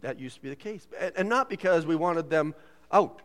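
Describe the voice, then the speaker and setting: A man preaching in a church, his voice sitting fairly high and swinging widely as he talks. He jokes and laughs between points and slips into put-on voices to act out what people say. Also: brisk. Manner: jokey, animated, laughs often, puts on voices for quotes. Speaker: pastor. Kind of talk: sermon. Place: church sanctuary.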